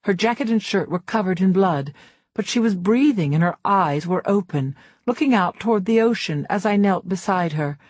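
A woman narrating a novel in the first person, in a measured, reserved way. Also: mid-range voice, lively intonation, darkish tone, no room sound, clean studio sound. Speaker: audiobook narrator. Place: recording studio. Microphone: close studio mic.

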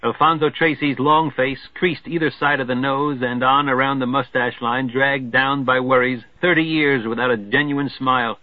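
A man reading a literary novel aloud in a wry, measured way with theatrical emphasis. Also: mid-range voice, steady tone, dry recording. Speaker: audiobook narrator. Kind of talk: literary narration. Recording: tinny dry lo-fi phone-like sound.

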